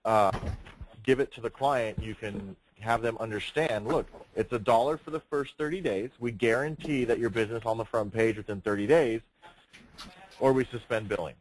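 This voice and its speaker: A man's voice: lowish voice, normal speed. Emphatic male sales trainer. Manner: emphatic, projecting, asks rhetorical questions. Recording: noisy room recording.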